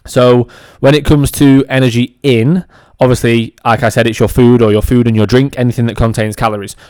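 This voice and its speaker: Smooth, dry-sounding man explaining. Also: medium pitch, steady tone, a little fast, a little mellow, dry recording. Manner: conversational, many ums and restarts. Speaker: podcast host. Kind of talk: educational monologue. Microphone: audio-only recording.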